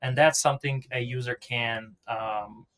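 A man being interviewed as a podcast guest, explaining software in a loose, rambling conversational way. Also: medium pitch, fairly even intonation, unhurried. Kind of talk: casual technical interview talk.

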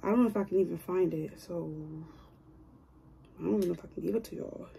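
A woman's voice: on the low side, quick pace, gravelly, warm tone, slight background noise. A woman chatting casually to her viewers while doing her own hair, joking and grumbling to herself as she goes. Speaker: hair vlogger.

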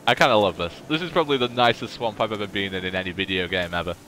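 A man giving animated, chatty let's play commentary as he plays. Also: fairly low pitch, very fast, a little hiss or hum. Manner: animated, chatty, self-deprecating. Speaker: gaming video host.

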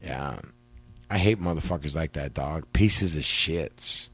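A man's voice: extremely low pitch, unhurried, fairly bright tone, breathy edge, dry recording, soft background music. A man telling stories in a casual podcast chat, slangy and profane with a laid-back drawl. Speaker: podcast host.

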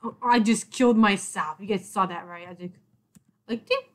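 Young woman gamer, rambling let's play chatter, mid-pitch, keeps groaning at the game. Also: a little fast, a little hiss or hum. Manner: exasperated, rambling, mock-cursing at the game. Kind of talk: casual gameplay commentary.

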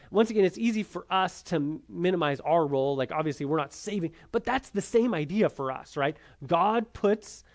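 A man leads a church Bible class, his voice sitting a little higher than most. He talks conversationally and keeps checking in with "right?" as he goes.

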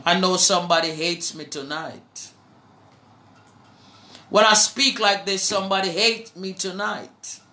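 Jamaican woman preacher, slow fervent delivery, bright voice, echoey room. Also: lowish voice, a little hiss or hum. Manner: slow, fervent, breaks into song. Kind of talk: preaching to a live online audience.

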